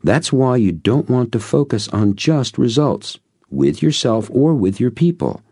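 A man playing a patient male network marketing coach who explains his ideas in a measured, emphatic way. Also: medium pitch, sing-song, gravelly, dark tone, husky, no room sound, studio quality, pitched above the performer's own voice, exaggerated voice. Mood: instructive. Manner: measured, emphatic teaching delivery.

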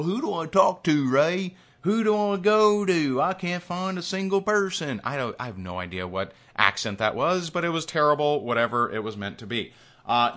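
A man's voice: mid-range voice, bright, forceful tone. Hyped man teaching a sales course. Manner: hyped, emphatic, repetitive. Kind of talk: recorded course lesson.

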